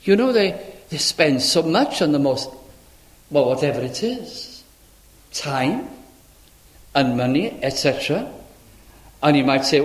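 Earnest older preacher in an echoey church. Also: male voice, sing-song, a little slow, long pauses. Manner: earnest, pleading, with rhetorical questions and sudden high exclamations. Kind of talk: sermon.

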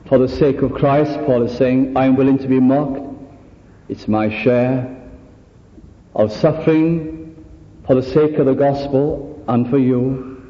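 A man's voice: medium pitch, fairly even intonation, slow pace, pauses often. Preacher man in an echoey church hall. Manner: earnest, rhetorical questions, acts out quoted complainer. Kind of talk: sermon. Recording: echoey hall, dull lo-fi sound.

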